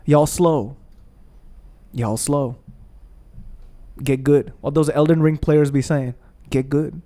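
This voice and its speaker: Blunt, swearing man ranting over a game stream; a higher, warm voice. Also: fairly even intonation, slow pace. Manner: heated, profane, blunt. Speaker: gaming streamer. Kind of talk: ranting commentary over gameplay.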